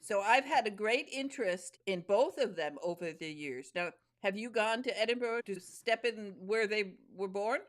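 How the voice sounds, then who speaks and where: A woman's voice: mid-range voice, moderate pace, hardly any pauses. A woman hosting an interview, enthusiastic and prone to stammering restarts. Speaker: host. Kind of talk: casual interview chat.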